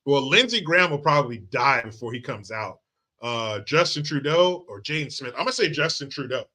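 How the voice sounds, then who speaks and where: Male commentary host; blunt, profane, rambling delivery with a bright, forceful tone. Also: medium pitch, lively intonation, brisk. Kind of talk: opinionated talk-show commentary.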